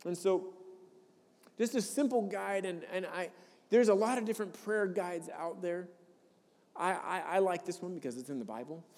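A man's voice: on the high side, darkish tone. Earnest male pastor in an echoing hall. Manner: conversational, earnest, repeats words when restarting. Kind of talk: sermon. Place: church sanctuary. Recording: long reverb of a large hall.

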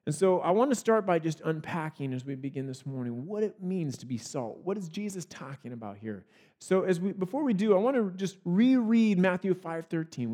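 A man preaching a sermon as pastor, in a relaxed conversational way with frequent restarts and small laughs. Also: on the high side.

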